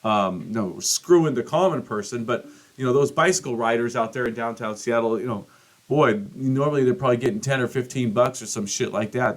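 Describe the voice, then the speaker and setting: A middle-aged man hosting a podcast, telling a rambling, profane story and acting out quotes with big jumps in pitch. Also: brisk. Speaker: podcast host. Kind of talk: casual monologue.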